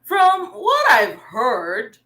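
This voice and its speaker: A woman doing a solemn storybook king, a father whose son is held captive. The delivery is slow and weighty, with a bright ring behind the lowered, manly tone and a lively rise and fall. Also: exaggerated voice, poor audio. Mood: grave. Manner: slow, grave proclamation.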